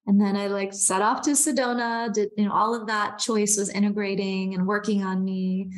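A woman's voice: medium pitch, fairly quick, hardly any pauses. A woman, a podcast guest, talking candidly in casual conversation, with lots of "like" fillers. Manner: candid, animated, frequent "like" fillers.

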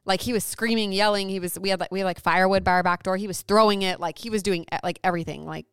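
A woman's voice: mid-range voice, steady tone, very fast, fairly bright tone, clear, resonant tone, no echo, studio quality. A young woman co-hosting a podcast, telling a long story in casual chat, rambling with lots of "like". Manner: rambling storytelling with many likes. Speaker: podcast co-host.

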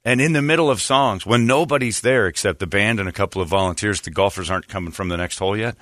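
A man's voice: fairly low pitch, fast talker, dry recording, clean studio sound. A man hosting a radio show, telling a story in casual chat and acting out the people he quotes. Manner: animated storyteller, acts out quoted voices.

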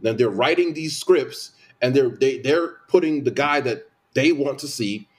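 Here the man's pitch is medium and his pace measured as he vents in a casual opinion chat. He keeps repeating his points, making animated, emphatic complaints.

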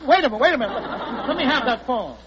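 A man doing quick, flustered, excitable comic patter as a guest on a 1940s radio comedy show, on a theater stage. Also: very high-pitched, a crowd in the background, background noise. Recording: dull old radio broadcast with music.

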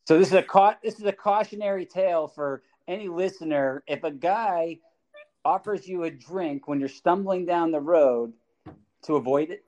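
High-voiced podcast host man. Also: moderate pace, a little mellow, highs cut off. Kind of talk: casual interview.

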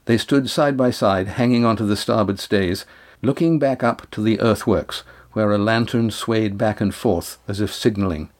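A man narrating an audiobook chapter in a steady, measured way. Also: on the low side.

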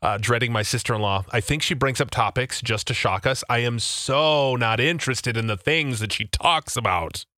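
Bright-voiced male radio co-host. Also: mid-range voice, no room sound, clean studio sound. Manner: jokey, quick to laugh. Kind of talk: morning radio banter reading listener messages.

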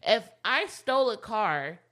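A woman with a bright, ringing voice, pitched a little high, chatting casually as a podcast co-host. She retells a film scene in an animated way, swearing freely and laughing often. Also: unhurried. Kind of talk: casual movie recap chat.

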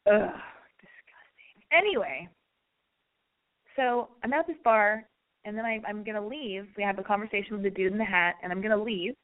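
A woman's voice: medium pitch, brisk. Chatty woman telling a story over a tinny line. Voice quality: chatty, forward and brash. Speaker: podcast host. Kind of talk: casual storytelling monologue. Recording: narrow phone-like sound.

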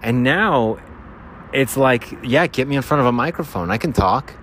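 A man's voice: mid-range voice, lively intonation, normal speed, a bit bright. A man hosting his podcast, rambling and joking about himself in a nasal voice, recorded outdoors by a freeway. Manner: rambling, self-deprecating, jokey. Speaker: podcast host. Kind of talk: rambling casual monologue. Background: traffic and motorcycles.

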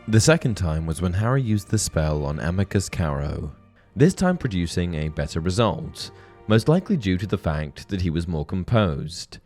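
Deep-voiced guy narrating a theory video, lively up and down delivery, earnest and analytical, soft music under it. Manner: earnest, analytical, reads book passages aloud. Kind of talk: scripted video-essay narration. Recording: faint background music.

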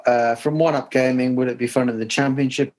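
A man's voice: mid-range voice, steady tone, brisk, over music, poor audio. Man talking over a video call. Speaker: podcast co-host. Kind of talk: casual chat.

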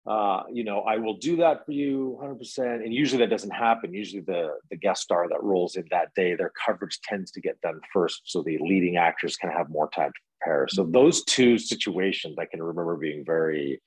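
A man with a very low, husky voice talks through his acting stories in a relaxed interview. He rambles and restarts often, recorded close and dry. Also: a little fast, hardly any pauses, no room sound, low-quality recording. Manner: rambling, many fillers and restarts. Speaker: actor, interview guest. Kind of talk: casual interview storytelling.

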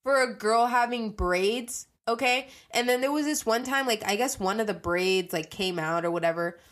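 A woman's voice: medium pitch, fairly even intonation, brisk. A young adult woman hosting a casual monologue podcast, ranting animatedly and swearing freely. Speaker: podcast host.

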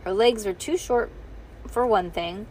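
A woman reading a children's book aloud in a lively read-aloud manner that stumbles now and then. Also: mid-range voice, a little slow, slight background noise. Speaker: storyteller.

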